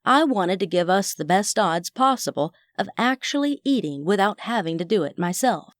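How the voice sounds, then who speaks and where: A woman's voice: medium pitch, animated, moderate pace, dry recording, clean studio sound. A woman narrating a first-person audiobook in a wry, chatty manner.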